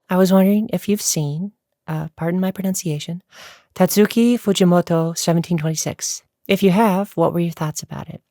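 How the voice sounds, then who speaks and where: Gravelly low-voiced woman vlogger. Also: a little mellow, no echo, clean studio sound. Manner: chatty, rambling, laughs often. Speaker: YouTuber answering viewer questions. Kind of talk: casual Q&A vlog.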